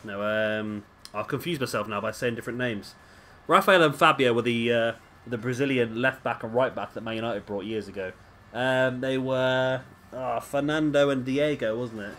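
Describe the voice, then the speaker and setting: A man's voice: mid-range voice, moderate pace, fairly bright tone, soft background music. A man giving casual, rambling commentary over a wrestling video game and often correcting himself. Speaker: gaming commentator.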